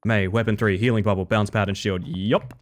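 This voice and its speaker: A man's voice: fairly low pitch, steady tone, brisk. An Australian man streaming a game, chatting casually with his viewers and often breaking off and restarting his sentences. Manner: rambling, self-interrupting, casual swearing. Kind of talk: casual live-stream chat.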